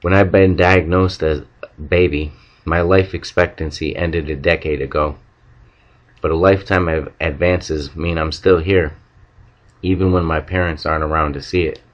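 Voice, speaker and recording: Deep-voiced man reading a novel. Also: steady tone, normal speed. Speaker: audiobook reader. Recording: dull lo-fi recording.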